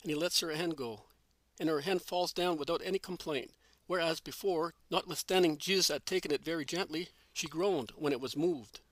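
A man narrates a religious story in a measured, even way. His voice sits fairly high for a man. The recording is dry and close, with no room echo. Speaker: reader.

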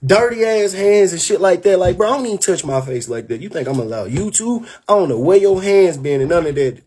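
Husky man ranting on a livestream. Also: high voice, quick pace. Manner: profane, animated, keeps saying "bro". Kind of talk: heated storytelling rant.

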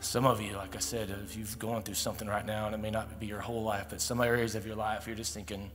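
A male pastor preaching a sermon in a conversational style, rising to emphatic peaks and dropping into quiet asides. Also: lowish voice, flat delivery, fast talker. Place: church sanctuary. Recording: long hall reverb with faint music.

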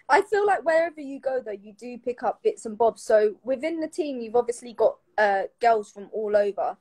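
A woman's voice: on the high side, expressive, normal speed, few pauses, a little mellow. A woman hosting a casual interview chat on a livestream, friendly and asking follow-up questions. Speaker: host.

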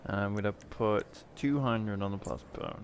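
A man giving casual commentary while playing a casino card game, excitable, laughing and swearing as he wins and loses. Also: fairly low pitch, normal speed, creaky. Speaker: gameplay video creator.

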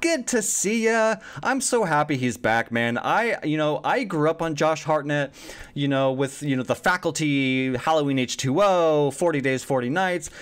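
A man giving a casual spoken movie review, animated and swearing freely, with lots of fillers. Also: on the high side, normal speed, smooth.

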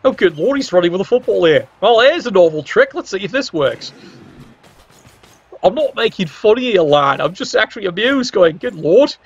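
A man's voice: sits high, very animated, moderate pace, slightly rough, dull audio. A man doing casual, wry play-by-play commentary on a game stream, teasing the players with exclamations.

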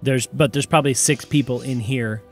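A man's voice: mid-range voice, moderate pace, soft background music. A man narrating as game master in a casual, conversational way with filler words.

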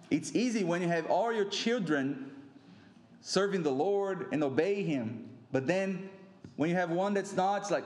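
A man's voice: sits high, expressive, a little slow, darkish tone. A middle-aged man preaching a sermon as pastor, telling stories and acting out quotes conversationally. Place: church sanctuary. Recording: echoey church hall.

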